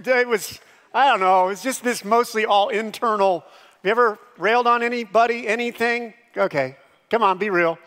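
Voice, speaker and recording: A man preaching a sermon as pastor, lively, dropping to hushed tones and bursting into shouted impressions. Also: high voice, normal speed, big-room sound.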